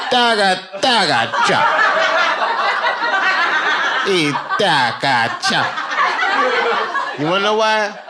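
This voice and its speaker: Profane, animated male stand-up comic. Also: a little high. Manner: profane, animated storytelling with mock voices. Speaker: stand-up comedian. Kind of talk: stand-up routine. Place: comedy club stage with a laughing audience. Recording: loud audience noise, live club recording.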